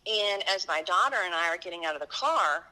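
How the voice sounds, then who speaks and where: Bright-voiced woman telling her story. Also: on the low side, expressive, a little fast, rough recording. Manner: earnest, vivid retelling with quoted dialogue. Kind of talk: personal storytelling.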